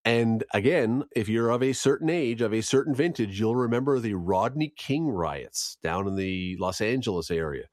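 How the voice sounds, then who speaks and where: A man's voice: lowish voice, moderate pace, hardly any pauses, dry recording, clean studio sound. A man hosting a radio show, reading news, gas prices and the day in history in a chatty way with jokes on the side. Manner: lively, chatty, jokes aside. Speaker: radio host. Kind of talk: morning radio news and chat.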